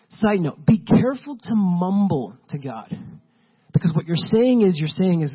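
A pastor preaches at a moderate pace in a relaxed, chatty style, filling his sermon with lots of filler words. His slightly high voice has a husky edge, and the recording sounds dull and lo-fi.

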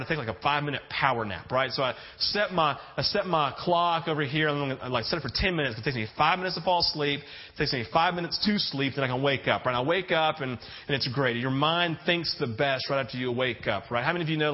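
Pastor, male, fairly high voice, chatty storytelling sermon, muffled lo-fi recording. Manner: conversational storytelling, often asking "right?". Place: church sanctuary with congregation. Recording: dull lo-fi sound.

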